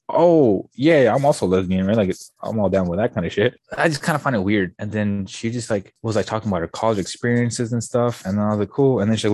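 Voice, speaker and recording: A young man rattles through an anecdote at a quick clip, his voice on the lower side and recorded close and dry. He swears freely and slips into quoted dialogue as he goes. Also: a little mellow, no echo. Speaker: podcast guest. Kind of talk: casual storytelling.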